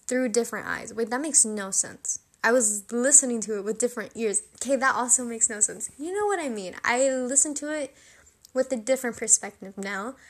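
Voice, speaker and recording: A woman's voice: fairly high pitch, fairly bright tone. A young adult woman talking casually to camera, rambling and correcting herself with lots of fillers. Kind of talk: casual confessional chat.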